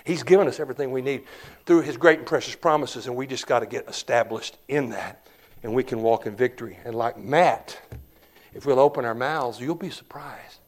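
A man preaching a sermon as pastor, swinging between loud declarations and hushed storytelling. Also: mid-range voice, fairly quick.

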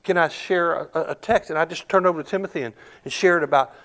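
A man preaching a sermon, telling a story, swinging from hushed murmurs to emphatic shouts. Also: on the high side, quick pace.

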